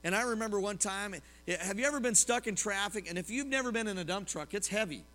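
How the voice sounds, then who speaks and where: A man, preaching a lively sermon as a pastor, telling personal stories and asking the congregation questions. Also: high-pitched, fast talker. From Oklahoma, US. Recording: long hall reverb.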